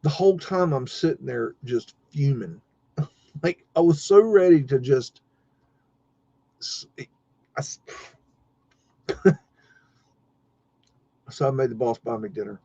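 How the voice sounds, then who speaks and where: A middle-aged man tells a story on a live-stream podcast in a loose, profane, animated way, acting out the people he quotes. His voice is mellow and sits a little high for a man. The audio is dry and a bit muffled and lo-fi. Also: slightly rough, dry recording. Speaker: podcast co-host.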